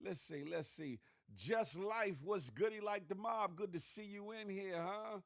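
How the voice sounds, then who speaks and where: A man hosts a loose livestream morning show over his phone, calling out viewers with playful slang. His voice runs a touch high for a man. The sound is dry and close. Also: measured pace, gravelly, dry recording. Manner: hype roll-call shout-outs, slangy and playful.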